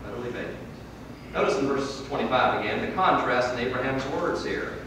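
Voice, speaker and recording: A man preaching a sermon in a church, swinging from loud emphatic peaks to low, quiet drops. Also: a little fast, a little hiss or hum. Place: church hall. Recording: echoey hall from far off.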